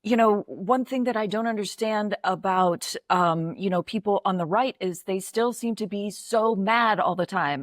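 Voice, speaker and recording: A woman's voice: medium pitch, normal speed, hardly any pauses, dry recording. Blunt American woman, dry sound. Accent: American English. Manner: blunt, swears freely, exasperated rants. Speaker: podcast co-host. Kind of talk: casual political chat.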